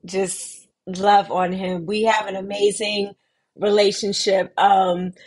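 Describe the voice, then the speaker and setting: A middle-aged woman hosts a casual livestream, her pitch sitting in a middle range. She talks at an unhurried, deliberate pace, stretching words out for emphasis. She greets viewers warmly and reads their comments aloud with affection. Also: breathy edge. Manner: slow, drawn-out emphasis with lively pitch lifts. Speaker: host of a weekly community livestream.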